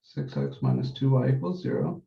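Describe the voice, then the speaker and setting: A man teaching a math class, working through each step methodically and repeating the key points, slowing down on the numbers as he writes. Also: mid-range voice, huge pitch swings, vocal fry. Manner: methodical, repeats key steps, says numbers slowly while writing. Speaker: math instructor. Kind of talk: classroom lecture. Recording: dull echoey classroom recording.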